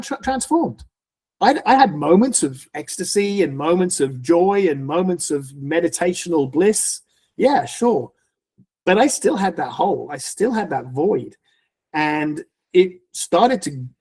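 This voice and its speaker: A man as a podcast guest, telling a personal story in conversation in an animated way, with frequent restarts. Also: fairly high pitch, slightly rough. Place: podcast recording.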